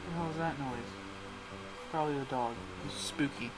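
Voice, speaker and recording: A let's play host chats casually through his game, sarcastic and quick to swear. His voice sits a touch high for a man. Game music plays clearly underneath him. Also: rough recording. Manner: sarcastic, profane, muttering asides. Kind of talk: casual gameplay commentary.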